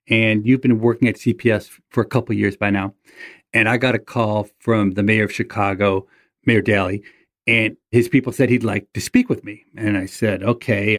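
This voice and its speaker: Man, interview host, lively storytelling delivery with mid-range pitch, acts out quotes. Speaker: podcast host.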